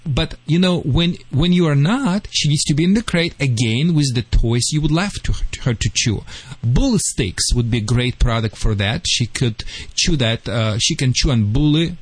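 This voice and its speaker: Russian-accented male radio trainer, animated and emphatic, mid pitch. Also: dry recording, rough recording. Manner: animated, emphatic, slightly broken English. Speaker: dog trainer answering callers. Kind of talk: call-in radio advice.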